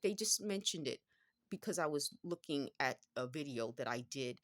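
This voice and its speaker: A woman's voice: low voice, animated, normal speed, no echo, studio quality. A woman in her fifties with a New York accent, talking through a rambling vlog monologue and often stopping to correct herself. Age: 50s. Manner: rambling, circling back with frequent self-corrections.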